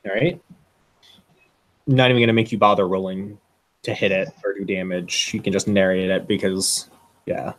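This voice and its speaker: A man's voice: deep voice, fairly even intonation, moderate pace, pauses often. A man running a tabletop role-playing game as game master, loose and swearing, bending the rules for his players.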